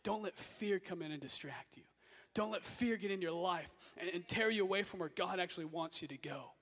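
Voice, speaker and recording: A young man preaches an energetic youth sermon, often shouting as he urges his listeners on. His voice sits fairly high, and a long reverb hangs in the hall around every phrase. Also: a little fast. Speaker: youth pastor. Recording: echoey hall.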